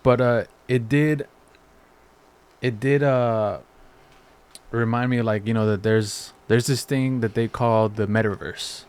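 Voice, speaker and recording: A man co-hosting a podcast, talking in a relaxed, slangy casual chat full of fillers. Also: mid-range voice, slow, long pauses, clear, resonant tone. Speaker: podcast co-host.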